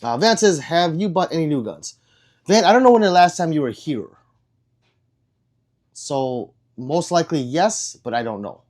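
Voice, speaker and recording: A man's voice: a little high, lively intonation, moderate pace, pauses often, a little mellow. A young man hosting a casual live stream, joking and rambling as he reads out viewer comments. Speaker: livestream host reading chat.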